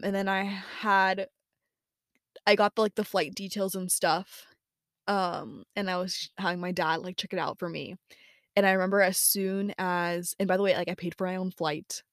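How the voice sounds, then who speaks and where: A woman's voice: lowish voice, no room sound. Young woman rambling thru her audio journal, lots of likes and ums, dry close sound. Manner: rambling, lots of "like" and "um", self-talk. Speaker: podcast host.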